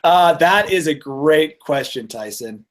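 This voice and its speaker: Brief: higher-pitched male co-host, jokey comedy podcast chatter. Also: lively intonation, takes it slowly. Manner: joking, laughs at his own bits. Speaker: podcast co-host presenting stories. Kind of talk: casual comedic chat.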